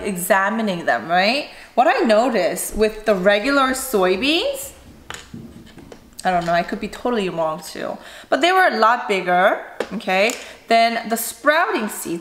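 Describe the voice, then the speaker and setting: A woman's voice: medium pitch, fairly bright tone. A woman cooking vlogger chatting casually to camera, showing things and addressing her viewers directly. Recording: echoey room, faint noise.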